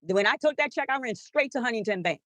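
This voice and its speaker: A woman calling in to an online show, talking very fast in a defensive, emotional way. She repeats herself and the sound is dry and close. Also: fairly high pitch, expressive, fairly bright tone, no echo. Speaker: caller. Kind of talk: heated call-in argument.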